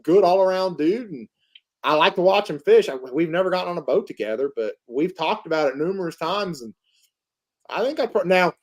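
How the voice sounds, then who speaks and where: A man's voice: high voice, fairly quick. A man from Tennessee, a podcast guest telling casual stories and laughing often. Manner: animated, laughs often, acts out quoted voices. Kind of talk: casual storytelling.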